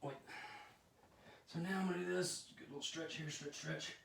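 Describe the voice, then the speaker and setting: A man chatting casually while demonstrating yoga poses, out of breath and often clearing his throat, self-deprecating about his flexibility. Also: on the high side, steady tone, moderate pace, fairly bright tone, a little hiss or hum. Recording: echoey room, voice from a distance.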